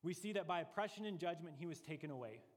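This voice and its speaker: A man's voice: fairly high pitch, lively intonation. Earnest male preacher in a reverberant hall. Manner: earnest, deliberate preaching with rising emphasis. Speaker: pastor. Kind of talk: sermon.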